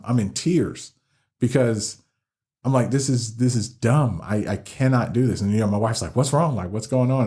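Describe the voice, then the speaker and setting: Podcast guest, middle-aged man, lowish voice, animated storyteller with frequent laughs. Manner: animated, laughs often, many restarts and "like". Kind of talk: casual storytelling interview.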